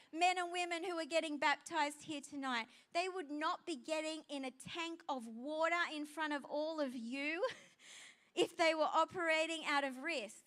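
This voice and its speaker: A woman's voice: high voice, a bit bright. A woman pastor preaching a sermon to a congregation, emphatic and repeating her key phrases. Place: church service with a live congregation.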